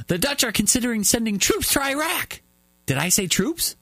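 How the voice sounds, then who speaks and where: A man's voice: very high-pitched, very animated, normal speed, vocal fry, pushed and bright, no room sound. A man anchoring a spoof news segment, reading stories in an exaggerated newsreader manner and laughing at his own jokes. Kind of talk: mock news reading with banter.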